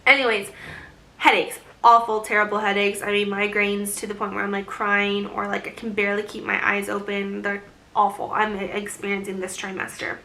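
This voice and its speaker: A woman's voice: medium pitch, flat delivery, moderate pace, vocal fry, pushed and bright, slight background noise. A young woman chatting in a casual vlog, rambling and laughing often, short of breath as she talks. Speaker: vlogger. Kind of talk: casual pregnancy update vlog.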